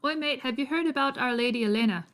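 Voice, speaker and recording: A woman's voice: high voice, quick pace, fairly bright tone, pitched above the performer's own voice. A woman voicing a persistent male dwarf cleric, preaching in a put-on Irish brogue. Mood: preachy. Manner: insistent, recruiting.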